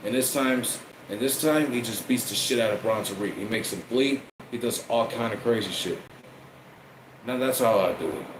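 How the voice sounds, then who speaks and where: A man giving a casual wrestling review, profane and repeating himself as he rambles. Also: mid-range voice. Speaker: wrestling commentator. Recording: echoey room with faint air conditioning hum.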